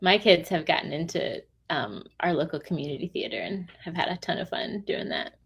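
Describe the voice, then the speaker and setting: A woman's voice: low-pitched, very animated, a little fast, vocal fry, breathy edge. Friendly woman interview host. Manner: friendly, encouraging, laughs along. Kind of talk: casual interview chat.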